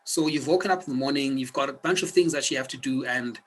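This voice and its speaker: With a mid-range voice and fast delivery, a man coaches the viewer through a self-help video lesson, earnest and direct throughout. The recording sounds rough.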